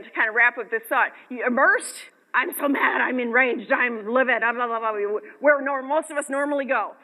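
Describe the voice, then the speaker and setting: A middle-aged woman giving an earnest, expressive motivational talk to a women's group and sharing research findings. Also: on the high side, in a large hall, rough recording.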